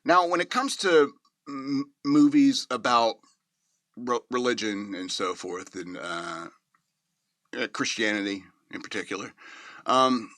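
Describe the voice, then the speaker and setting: Bright-voiced man rambling through a movie review. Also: medium pitch, a little slow, no echo, clean studio sound. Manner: rambling, with many fillers and chuckles. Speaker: podcast host reviewing a movie. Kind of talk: casual spoken movie review.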